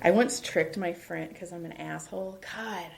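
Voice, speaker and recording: A woman's voice: fairly low pitch, normal speed, vocal fry. A middle-aged woman hosting a podcast in a basement while giving a massage, chatting casually and telling stories with frequent laughter. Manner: laughing often, animated storyteller. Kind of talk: casual chat.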